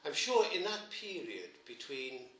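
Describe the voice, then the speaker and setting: A man's voice: mid-range voice, sing-song, unhurried. Man preaching in an echoey church. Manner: gentle storytelling, emphatic repetitions. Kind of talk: sermon.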